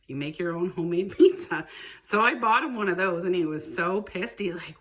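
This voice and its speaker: Low-voiced chatty woman. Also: animated, moderate pace, fairly bright tone. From Canada. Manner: chatty and rambling, laughing often. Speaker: vlogger. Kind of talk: casual talking-to-camera vlog.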